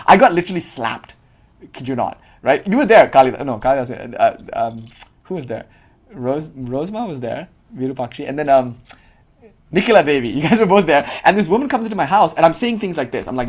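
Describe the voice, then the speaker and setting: A man leads a loose, conversational spiritual talk for his students. He talks quickly and his voice has a husky edge. He keeps dropping in "like" and laughs often. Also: fairly high pitch, lively intonation. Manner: casual, heavy with filler "like", frequent laughter. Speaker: spiritual teacher. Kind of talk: informal dharma talk to students.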